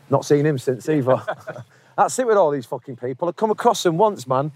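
A man's voice: mid-range voice, a little fast, a little mellow. Sweary Manchester man telling stories. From England. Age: 40s. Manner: sweary, laddish, laughing anecdotes. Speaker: interview guest, musician. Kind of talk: casual storytelling interview.

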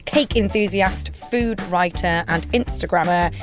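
A woman's voice: on the low side, measured pace, music in the background. A young woman with a Scottish accent hosting a podcast, telling breezy, self-deprecating stories in a casual, chatty way. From Scotland. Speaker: podcast host.

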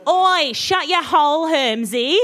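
A woman voicing a clumsy, gangly young male wizard with a put-on Australian accent and a blunt, gruff manner, in a comic fan fiction reading. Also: sits high, expressive, slow, fairly bright tone, exaggerated voice. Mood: grumpy.

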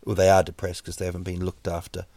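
A man hosting a podcast, delivering a rambling, wry comic monologue full of halting restarts. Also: deep voice, completely flat delivery, dark tone, dry recording. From New Zealand. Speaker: podcast host.

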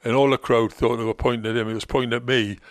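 A man's voice: mid-range voice, flat delivery, fast talker, very noisy. An older man with a Geordie accent, a former football manager telling long rambling stories as a guest, with many ums and restarts. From North East England. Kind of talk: relaxed anecdotal storytelling.

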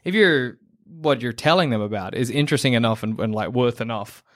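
An Australian man co-hosting a casual podcast chat, animated and jokey, slipping into mock accents. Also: mid-range voice, brisk. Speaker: podcast co-host.

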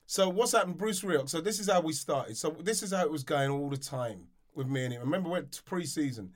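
A man co-hosting a podcast, telling animated anecdotes, repeating words and dropping low when quoting others. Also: a little fast. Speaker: podcast co-host, former footballer. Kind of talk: casual storytelling chat.

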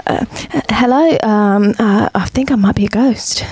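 A woman's voice: medium pitch, a little slow, a little mellow, slight background noise, lightly acted. A woman voicing a timid, confused young male ghost who stammers and hesitates. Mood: hesitant.

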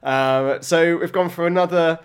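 A man's voice: a little high, steady tone, measured pace, smooth. A man co-hosting a podcast, talking in a hesitant, self-deprecating way in casual banter. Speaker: podcast co-host.

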